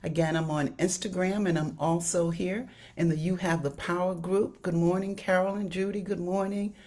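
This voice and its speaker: A woman's voice: on the low side, fairly even intonation, normal speed, darkish tone. A woman hosting a live stream, chatting casually and greeting viewers by name. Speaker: inspirational host of a live stream. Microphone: phone or webcam on a live stream.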